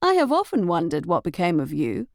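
A woman's voice: lowish voice, huge pitch swings, fairly quick, no room sound, clean studio sound. A woman reading the lines of an aristocratic male Marquis, speaking emphatically and insistently in a storybook reading. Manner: emphatic, exclaiming.

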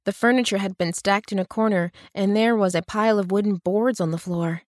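Female audiobook narrator, mid-pitched, dry close-miked read. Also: steady tone, brisk, a little mellow, no room sound. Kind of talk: scripted narration.

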